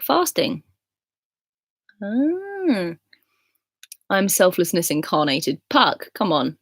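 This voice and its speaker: A young English woman chats casually with her viewers, reading comments aloud and replying in an easy, friendly tone. Her voice sits a little low with a gravelly edge. The sound is dry and close. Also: no echo. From England. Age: 20s. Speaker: livestream host.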